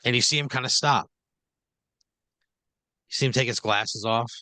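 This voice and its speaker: A man at a podcast microphone tells a rambling, improvised comic story at a middling pitch. He leans on filler words and keeps checking in with his listener. The sound is dry and close. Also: normal speed, pushed and bright, no room sound. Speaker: podcast host.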